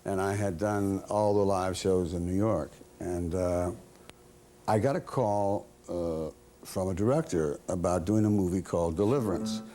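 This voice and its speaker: A man's voice: sits low, a little slow, dark tone. A man in his sixties, a talk show guest from the American South, telling self-deprecating stories with a chuckle. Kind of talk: casual anecdotes. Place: TV studio with audience.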